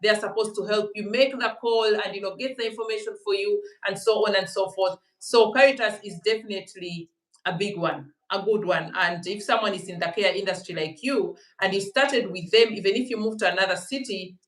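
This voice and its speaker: A woman's voice: medium pitch, brisk, a bit bright, reverberant, far from the mic, poor audio. A woman hosting a conversational interview, explaining at length and dropping in German words. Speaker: podcast host.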